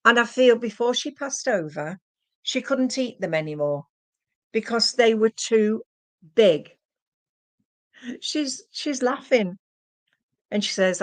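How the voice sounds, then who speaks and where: This is a woman reading cards live for her viewers. She speaks in an unhurried way, in a slightly raised voice. She keeps calling them sweetheart as she passes on what the spirits tell her. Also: a little high, animated. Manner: addresses viewers as sweetheart, relays spirit messages. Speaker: psychic medium. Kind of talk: live-streamed card reading.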